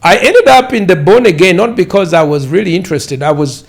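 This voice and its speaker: A man's voice: high-pitched, animated, brisk, gravelly, husky. A man in his fifties with a Ugandan accent, a pastor telling his life story in an interview, rambling and repeating words for emphasis. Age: 50s.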